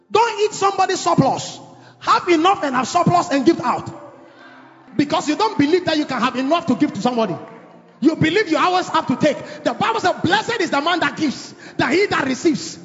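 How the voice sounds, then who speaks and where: A man preaching a fervent sermon to his congregation in a church hall, shouting declarations and calling for responses. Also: very high-pitched, vocal fry. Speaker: pastor. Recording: echoey, slightly dull church hall recording.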